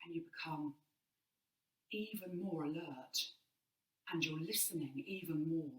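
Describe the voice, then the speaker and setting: A woman's voice: sits low, a little slow, darkish tone. A woman drama teacher giving an online movement lesson indoors, encouraging and demonstrating as she explains. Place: indoor room. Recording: roomy, mic at a distance.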